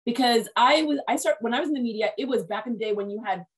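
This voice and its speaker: A woman's voice: on the high side, quick pace. A woman hosting a podcast interview over a video call, chatty and rambling with many restarts. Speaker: podcast host. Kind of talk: casual interview chat.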